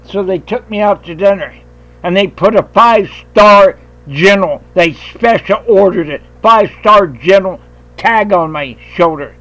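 Loud, profane high-voiced radio host. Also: male voice, moderate pace, low-quality recording. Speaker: radio talk show host. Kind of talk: heated talk radio rant.

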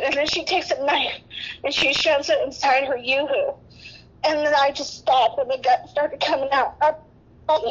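A woman's voice: high voice, dull audio. A woman nurse, tearful and emotional, rambling through an interview with many restarts. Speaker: guest nurse.

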